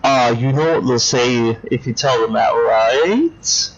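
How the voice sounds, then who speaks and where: A man voicing a blunt male game hero, who answers in flat, deadpan retorts, on a dull lo-fi recording. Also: medium pitch, slow pace, noisy background, close to an everyday voice.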